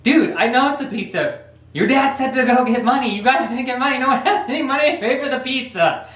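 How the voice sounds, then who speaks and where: A flustered teenage boy, pitched well above the storyteller's normal voice, as a man acts him out. He pleads and protests in exasperation. The sound is echoey, like a bare room. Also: big pitch swings, moderate pace, fairly bright tone, recorded from a distance, heavily acted. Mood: exasperated. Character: flustered teenage boy left alone at the door.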